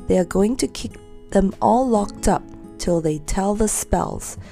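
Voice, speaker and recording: A small, kindly red squirrel in a storybook, as a woman reading aloud puts it on, worried and eager to help. The voice is mellow and a little gravelly, close to a gentle reader's own. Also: mid-range voice, a little slow, faint music behind, close to an everyday voice.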